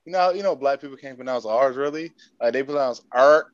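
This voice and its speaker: A man's voice: mid-range voice, fairly quick, no echo. A man talks in casual chat, joking, blunt and freely profane. His voice sits in a middle range. The sound is dry and dull, like a lo-fi recording.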